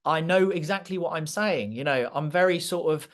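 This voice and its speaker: Guy doing a motivational talk to a crowd, a bit high-pitched, blunt and passionate, says it with authority. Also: moderate pace, fairly bright tone. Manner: direct, emphatic, passionate; speaks clearly and with authority. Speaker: guest speaker. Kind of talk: motivational masterclass talk to a live audience.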